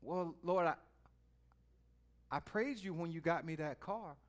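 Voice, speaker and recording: A man with a high voice delivers a sermon, talking straight to his listeners in a folksy, chatty way. He moves from quiet, thoughtful asides to loud, drawn-out calls to praise. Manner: swings from quiet musing to loud exhortation; folksy, speaks to the listeners directly. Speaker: preacher.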